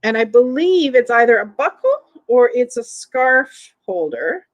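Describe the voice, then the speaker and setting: A woman's voice: a little high, very animated, unhurried, rough recording. Chatty Southern woman hosting a live sale. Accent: Southern American. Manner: chatty, reads viewer comments aloud, many fillers. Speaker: online vintage seller hosting a live sale. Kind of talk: live-stream sales chat.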